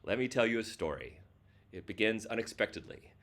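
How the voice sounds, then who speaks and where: A man's voice: lowish voice, animated, fairly quick, a bit bright. A man, the author, chatting casually about his book and then reading it aloud, with a loose, filler-heavy way of talking. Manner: loose and casual, lots of "like" and "you know".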